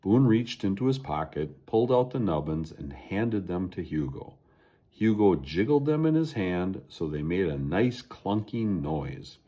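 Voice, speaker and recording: Man, storybook narration, deep voice, husky, very lively intonation. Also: a little slow. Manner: expressive reading aloud.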